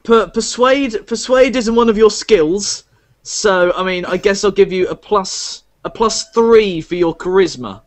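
A man running a tabletop game as game master, talking casually with many restarts and calling players mate. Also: high voice. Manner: halting, full of restarts, swears, calls players mate.

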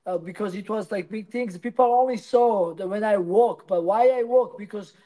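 A male professional fighter gives casual interview answers in halting, non-native English with many restarts. His voice is high and mellow, and the audio quality is poor.

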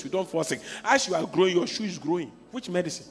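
A Ghanaian man in his forties preaching a sermon, swinging from hushed storytelling to shouting. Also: high-pitched, quick pace, few pauses, faint music behind. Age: 40s. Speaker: pastor.

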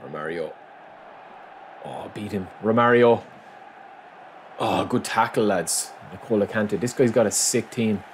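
A man giving live gameplay commentary, swinging between hyped shouting and low muttering as he plays. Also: a little slow, long pauses, a little hiss or hum. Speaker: gaming commentator.

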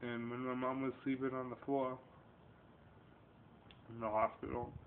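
A man's voice: mid-range voice, flat delivery, normal speed. Man ranting profanely, tinny lo-fi audio. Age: 30s. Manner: profane, rambling, confrontational. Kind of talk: casual vlog rant. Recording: tinny lo-fi webcam audio with faint noise.

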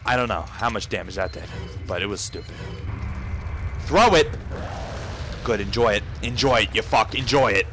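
A man's voice: on the low side, expressive, moderate pace, pauses often, slight background noise. A young man commentating a video game, frantic and profane, swearing and yelping as he plays. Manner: frantic, swearing, yelps and shouts. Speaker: gameplay commentator. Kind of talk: profane let's-play commentary.

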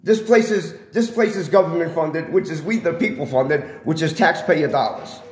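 A man's voice: a little high, animated, normal speed, darkish tone, roomy sound, low-quality recording. A man filming a confrontation with building security on his phone, lecturing them in a combative way and repeating his points. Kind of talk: heated confrontation, filmed on phone. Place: public area of a residential building, indoors. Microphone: handheld phone camera.

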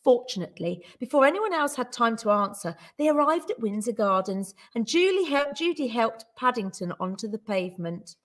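A woman teacher reading a children's story aloud with expressive, animated storytelling. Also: fairly high pitch, normal speed, hardly any pauses.

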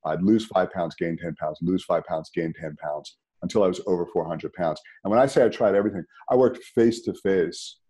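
A man, a podcast guest telling a personal story in a conversational, animated way. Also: sits low, brisk, few pauses, breathy edge. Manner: animated, rises sharply when emphatic.

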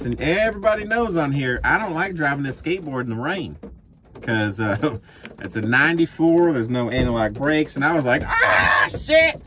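A man who drives a truck, ranting loudly and with plenty of profanity in a vlog recorded while driving. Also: fairly high pitch. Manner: heated, profane, animated ranting. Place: truck cab on the road. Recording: noisy truck cab.

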